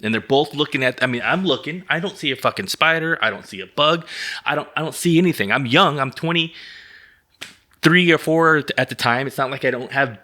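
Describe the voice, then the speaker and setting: Bright-voiced man telling animated stories. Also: a little high, normal speed. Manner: animated, profane storytelling. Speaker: podcast co-host. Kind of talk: casual chat.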